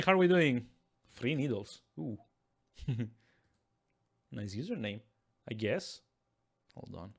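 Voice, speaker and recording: Sitting at his desk with two screens, a man live-streams a game and chats casually with viewers, rambling, stumbling, and restarting sentences while chuckling often. His gravelly, middling-pitched voice swings widely in pitch, moves slowly, and pauses often.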